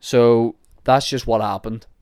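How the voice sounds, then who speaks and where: A man's voice: medium pitch, fairly even intonation, slow, a little mellow, clear, resonant tone, dry recording, studio quality. A young Northern Irish man hosting a podcast, chatting casually and sarcastically as he rambles through listener questions. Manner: chatty, sarcastic, rambling with self-mocking asides. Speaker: podcast host.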